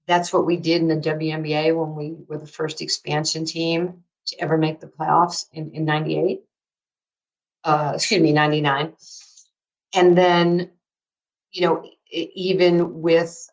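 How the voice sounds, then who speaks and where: A woman in her sixties telling lively stories as an interview guest, acting out what others said and laughing often. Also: deep voice, poor audio. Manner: animated storyteller, acts out quotes, laughs often. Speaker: interview guest, basketball coach. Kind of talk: casual storytelling interview.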